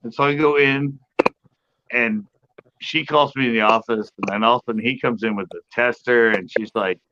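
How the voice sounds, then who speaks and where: A middle-aged man in casual storytelling on a podcast panel, rambling and animated as he acts out other people's lines. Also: medium pitch, normal speed. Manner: rambling, animated retelling with quoted voices. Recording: muffled lo-fi audio with background noise.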